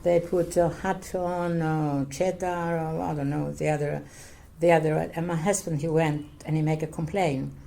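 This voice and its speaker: An older woman from Cyprus, Greek her first language, telling her life story in an oral history interview in halting, repetitive English. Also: deep voice, fairly even intonation, vocal fry, warm tone, slight background noise. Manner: halting, repetitive non-native English, earnest.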